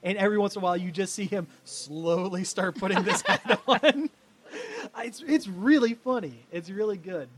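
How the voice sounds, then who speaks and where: A fairly high-voiced man in casual conversation, talking in loose rambling bursts full of fillers and quick laughs. Faint background ambience sits under his voice. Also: a little hiss or hum. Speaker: podcast co-host. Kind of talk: casual chat.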